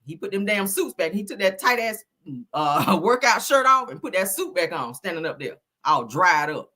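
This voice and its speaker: A woman hosting a livestream, teasing and joking with her viewers in casual gossip chat. Her voice is husky and breathy. Her pitch swings widely as she talks. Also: big pitch swings, normal speed, sharp tone. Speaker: livestream host.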